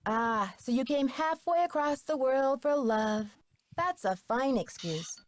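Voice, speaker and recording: A confident young detective in a mystery video game, crisp and inquisitive. Her voice sits high, recorded close and dry. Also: animated, a little slow, dry recording.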